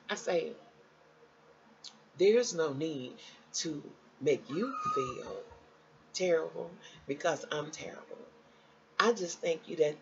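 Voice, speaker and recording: Animated woman telling her story. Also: gravelly, highs cut off, a little hiss or hum. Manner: animated, jumps high when quoting others; conversational, addresses viewers as y'all. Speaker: vlogger sharing a personal health story. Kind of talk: casual storytelling to viewers.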